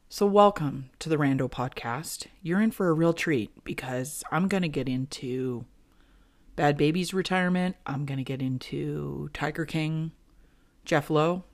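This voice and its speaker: Low-pitched lady podcast host, casual gossipy chat about the week. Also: moderate pace. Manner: chatty, gossipy storytelling.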